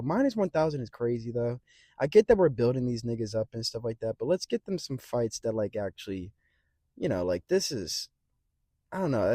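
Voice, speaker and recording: A man's voice: a little high, darkish tone, no room sound. A man giving casual, rambling and profane fight predictions as the host of his own channel. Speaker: MMA picks host.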